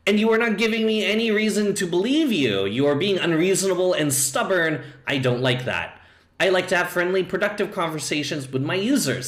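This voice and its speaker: A man's voice: a bit bright, reverberant. A man reading aloud as a stubborn AI chatbot that insists it is right, in a stiff, insistent way. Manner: reads stiff, insistent replies, dropping low on sign-offs.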